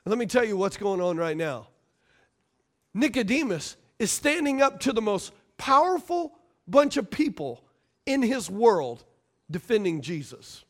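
High-voiced animated preacher. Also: male voice, unhurried. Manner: animated, acts out quoted characters with jumps in pitch and volume. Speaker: pastor. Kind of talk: sermon.

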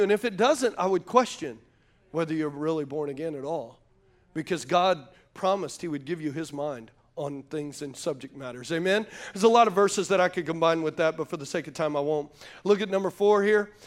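High-voiced preacher man. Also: animated, moderate pace. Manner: folksy storytelling preacher, calls out to the congregation. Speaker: pastor. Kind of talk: sermon.

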